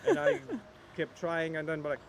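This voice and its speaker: A man's voice: a little high, huge pitch swings, moderate pace, crowd noise. A man outdoors on a park trail, giving friendly, loose directions to a hiker. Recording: heard from a distance, with loud background music.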